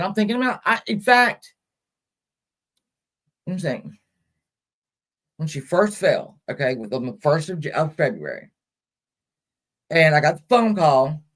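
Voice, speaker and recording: Woman, live-stream host, casual and halting, lots of fillers and restarts, answers chat comments. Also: lowish voice. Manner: reads and answers viewer comments aloud. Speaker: host of a caregiver support stream.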